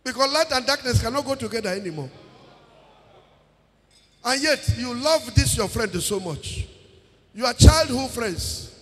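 High-voiced Nigerian preacher in echoing hall. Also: male voice, lively intonation, unhurried, long pauses, a bit bright. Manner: emphatic, repeats phrases, sings out words, mixes in Pidgin. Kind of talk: sermon. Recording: long reverb of a large hall.

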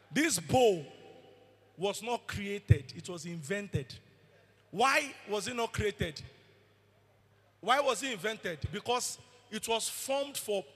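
A man's voice: high-pitched, a bit bright, slightly rough. A man preaching a sermon as pastor, emphatic and asking the congregation questions. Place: church hall. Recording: long hall reverb.

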